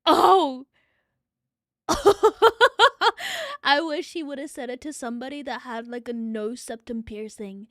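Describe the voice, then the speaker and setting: A woman's voice: fairly high pitch, fairly even intonation, moderate pace, few pauses, no echo, clean studio sound. A young woman streamer giving casual, giggly, teasing reaction commentary.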